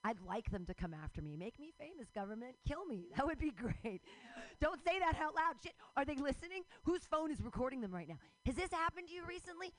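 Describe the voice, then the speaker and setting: Excitable rambling woman doing stand-up. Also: sits high, brisk, rough recording. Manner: rambling, excitable, swears freely. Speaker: stand-up comedian. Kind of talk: stand-up comedy set.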